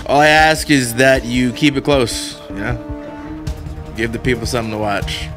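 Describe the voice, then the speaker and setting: A young man hosting a gaming video, talking in animated, rambling, profane rants and laughing often. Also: medium pitch, unhurried. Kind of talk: casual gaming commentary. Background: background music.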